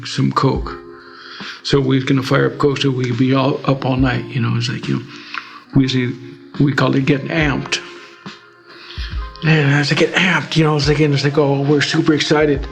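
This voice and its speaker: A man's voice: medium pitch, flat delivery, normal speed, gravelly, long pauses, faint music behind. A middle-aged man from Alaska telling his life story in a rambling, filler-heavy way, as a guest in an interview. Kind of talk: personal testimony.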